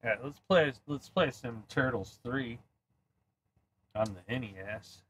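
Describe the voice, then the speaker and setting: A man's voice: medium pitch, unhurried, a little hiss or hum, rough recording. Tipsy, foul-mouthed male game streamer. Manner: profane, rambling, yells at the game. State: tipsy from drinking. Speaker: streamer playing a retro video game. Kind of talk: casual live-stream commentary.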